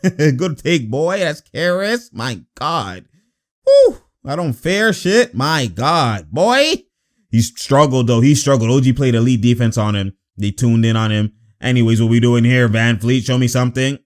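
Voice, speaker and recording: A young man giving casual, excitable reaction commentary over basketball footage, laughing often and calling out to the players on screen. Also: mid-range voice, a little slow.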